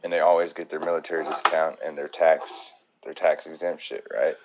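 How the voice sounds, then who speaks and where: A man's voice: extremely low pitch, level tone, brisk, dull audio, background noise. A man co-hosting a podcast, telling profane stories in casual chat and laughing a lot. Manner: profane, storytelling, laughs a lot, mimics people in quotes. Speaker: podcast co-host.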